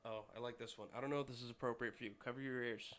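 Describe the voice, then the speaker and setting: A man's voice: medium pitch, steady tone, rapid-fire, fairly bright tone, a little hiss or hum. A man casually reading jokes aloud at home to his young son, adding wry asides. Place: home, by a high chair.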